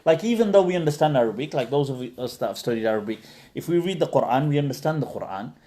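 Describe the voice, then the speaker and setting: A man's voice: a little high, expressive, quick pace, warm tone. A man hosting a live question and answer session, explaining at length in a conversational way with many fillers and restarts. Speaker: Islamic scholar answering questions. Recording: livestream.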